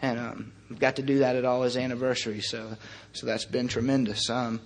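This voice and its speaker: A man in his thirties sharing his recovery story before a group, earnest and halting, with long pauses and wry, self-mocking humor. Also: mid-range voice, level tone, creaky, a little hiss or hum. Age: 30s. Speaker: recovery meeting speaker. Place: meeting room before a live audience.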